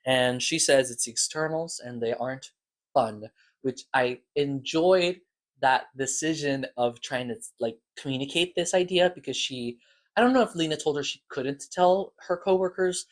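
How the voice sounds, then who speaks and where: A man's voice: mid-range voice, normal speed. A man giving a casual, rambling recap of podcast episodes as a reviewer, talking loosely and stopping to restart his thoughts.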